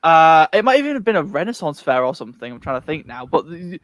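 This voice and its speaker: A man co-hosting a casual podcast chat, speaking in a halting, rambling way with many restarts. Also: fairly high pitch, sing-song, fairly bright tone, dry recording. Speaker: co-host.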